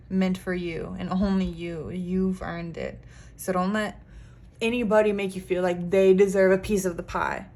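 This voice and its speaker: A woman giving a pick-a-card tarot reading as a psychic reader, talking earnestly and emphatically with frequent "like". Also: medium pitch.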